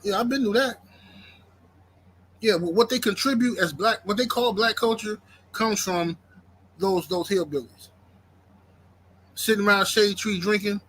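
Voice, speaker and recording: Bright-voiced man ranting on a livestream. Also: high voice, unhurried, long pauses, breathy edge, rough recording. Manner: ranting, repeats himself, reads chat aloud. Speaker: YouTube livestream host. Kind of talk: casual livestream rant.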